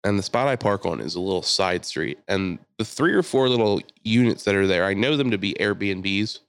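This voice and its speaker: A man telling a long story in casual podcast chat, acting out the people in it with shouted lines. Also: fairly low pitch, normal speed, smooth, no echo. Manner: animated storyteller, mimics shouting voices. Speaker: podcast co-host.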